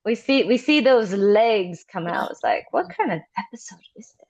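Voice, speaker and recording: A woman's voice: mid-range voice, lively intonation, moderate pace, a little mellow, dull audio. A woman reacting with amusement while watching an episode on a commentary track. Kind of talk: casual commentary chat.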